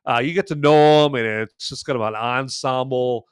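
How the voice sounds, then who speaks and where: Chatty man with a smooth voice. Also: medium pitch, moderate pace, dry recording. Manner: chatty, filler-heavy, emphatic asides. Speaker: podcast host reviewing a film. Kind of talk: casual spoken film review.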